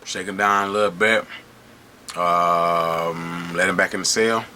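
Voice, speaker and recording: Lively, slangy man telling prison stories. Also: low voice, measured pace, slight background noise. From Michigan. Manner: animated, slangy, keeps checking in with listeners. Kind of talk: casual storytelling to camera.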